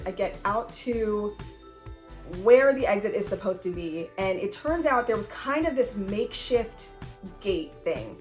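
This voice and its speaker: A young woman tells a road trip story straight to camera. Her talk is casual and animated, full of "like" and the odd curse word, and her pitch sits in the middle of the range. Soft music plays faintly underneath. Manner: animated, swearing, lots of "like". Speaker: vlogger.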